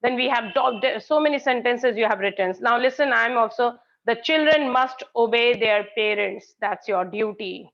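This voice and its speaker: A woman's voice: a little high, moderate pace, vocal fry, hardly any pauses, fairly bright tone. A woman teacher, giving an online grammar class. She praises students and explains by repeating example sentences. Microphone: video call. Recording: dull lo-fi call audio.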